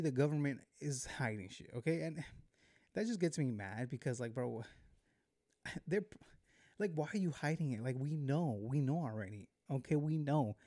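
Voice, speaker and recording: A man hosts a casual vlog, talking straight to his viewers with lots of slang, swearing and quick chuckles. His voice is dark and mellow, recorded close and dry with no room sound. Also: mid-range voice, dry recording. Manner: animated, slangy, swears, chuckles often, calls viewers "bro". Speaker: vlog host.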